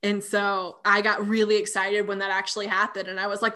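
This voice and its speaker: A woman's voice: mid-range voice, little pitch movement, moderate pace, few pauses, pushed and bright. A woman co-hosting a podcast in casual chat, thoughtful and a little hesitant. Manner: thoughtful, hesitant, with fillers and restarts. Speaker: podcast co-host.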